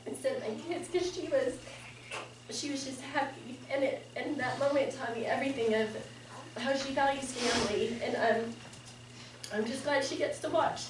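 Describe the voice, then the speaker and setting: Woman, eulogy speaker, halting and warm-hearted delivery with laughs; higher voice, heard from afar in a noisy, echoey room. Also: distant mic. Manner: halting, with fillers and frequent laughs. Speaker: family member giving a eulogy. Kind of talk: personal memorial speech. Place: memorial service room.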